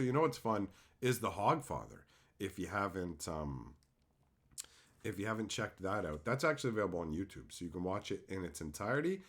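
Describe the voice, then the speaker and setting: This livestream host from Canada is tired following some dental work, but he keeps rambling, joking and reading out what viewers type in chat. He has a fairly low, slightly bright voice.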